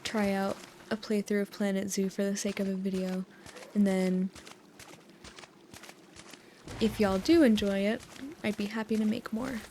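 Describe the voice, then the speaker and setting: A young American woman talks softly and chattily over cozy gameplay, wandering from story to story and laughing along the way. Her voice sits at an everyday middle pitch, with a faint hum of ambience behind it. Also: fairly even intonation, normal speed. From United States. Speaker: gaming channel host. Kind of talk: soft-spoken rambling over relaxing gameplay.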